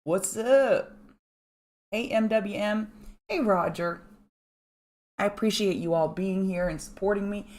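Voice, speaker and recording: A market analyst, a middle-aged woman, hosts a live pre-market stream in a chatty, fast style, greeting viewers by name between chart notes. She has a strong regional accent and a mid-range, slightly mellow voice.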